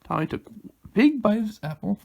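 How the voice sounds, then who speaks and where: A man reading a children's storybook aloud in a plain, unhurried manner, halting now and then. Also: sits high, big pitch swings, creaky, highs cut off. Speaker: reader.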